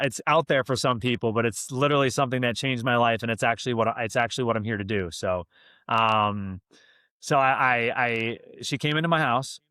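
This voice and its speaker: A young man from Massachusetts talks as a podcast guest, telling a frank personal story and acting out the other people's lines as he goes. His voice is bright and forward, and it sits at an ordinary middle pitch. It comes through dry and close, with no room sound. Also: clear, resonant tone, dry recording. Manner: candid, animated storyteller acting out quoted dialogue. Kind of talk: casual storytelling.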